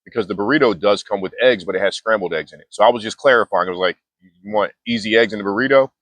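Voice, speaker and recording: A young man, a mindfulness vlogger, tells a story in laid-back, slangy talk with frequent restarts and fillers. His voice is fairly low, fast and fairly bright, with no room sound.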